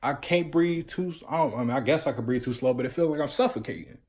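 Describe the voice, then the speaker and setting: A man's voice: medium pitch, fast. A young man vlogging, telling a story in a casual, slangy way and acting out the voices of friends. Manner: animated, slangy retelling with quoted voices.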